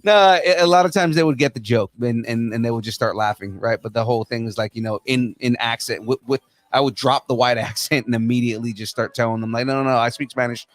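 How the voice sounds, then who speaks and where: A man's voice: mid-range voice, quick pace, dry recording. A man hosting a podcast, telling a story in an easygoing way with many hesitations. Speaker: podcast host. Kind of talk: casual chat.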